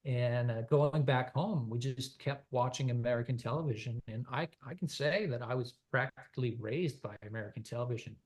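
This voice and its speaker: A man's voice: medium pitch, fairly quick, hardly any pauses. Chatty French-native man from Quebec. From Quebec, Canada. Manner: rambling, chatty, many fillers and restarts. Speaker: country singer-songwriter guest. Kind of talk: casual interview chat.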